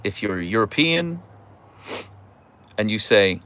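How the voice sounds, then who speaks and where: A man's voice: on the low side, lively intonation, normal speed, long pauses, fairly bright tone, smooth. A man from Pittsburgh with a Pittsburgh accent, chatting casually on a livestream, reading viewer comments and teasing. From United States. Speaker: livestream host reading chat.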